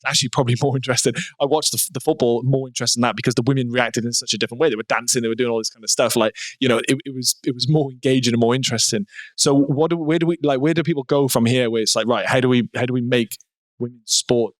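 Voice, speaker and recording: A man hosts a podcast from Wales, asking long, rambling questions with quick enthusiasm. The sound is dry and close, and his pitch sits at an ordinary middle level. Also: fairly even intonation, dry recording. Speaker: podcast host. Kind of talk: casual podcast chat.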